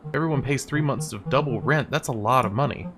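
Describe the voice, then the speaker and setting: A woman putting on a deep, weary deadpan man in a game. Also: fast talker, music in the background. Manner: dry, deadpan jokes. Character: weary down-on-his-luck adult man, deadpan. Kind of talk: voice-acting a game.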